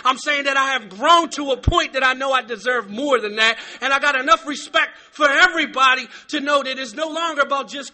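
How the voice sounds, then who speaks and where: A man speaking at a recovery meeting, giving a blunt, profane, fervent testimony that bursts into shouting. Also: extremely high pitch. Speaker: recovering addict sharing at a meeting.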